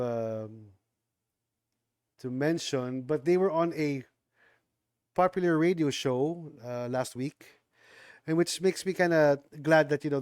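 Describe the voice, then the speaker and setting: A man hosting a casual livestream music show. He chats loosely and often pauses on "um" and restarts his sentences. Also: medium pitch, darkish tone, smooth, no echo, clean studio sound. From Philippines. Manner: chatty, loose, with frequent ums and restarts.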